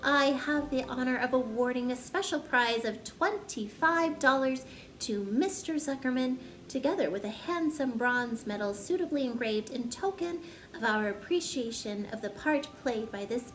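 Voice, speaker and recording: A woman voicing a pompous male county fair announcer who speaks in grand, formal speech. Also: high-pitched.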